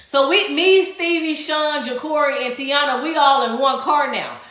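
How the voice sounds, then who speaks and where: A woman telling a personal story in a casual storytime, animated and profane, laughing as she goes, recorded in an echoey room. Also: high-pitched, moderate pace.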